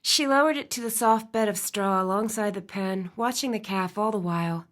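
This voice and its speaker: A woman narrating a romance audiobook in an expressive storytelling style. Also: medium pitch, normal speed. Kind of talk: scripted narration.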